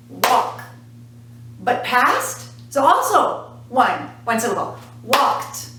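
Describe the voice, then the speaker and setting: A woman teaching pronunciation, speaking slowly and patiently in a somewhat high voice and repeating each sound so learners can copy it. She is recorded from a distance in a very echoey room, with a faint hum underneath. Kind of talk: classroom lesson to camera.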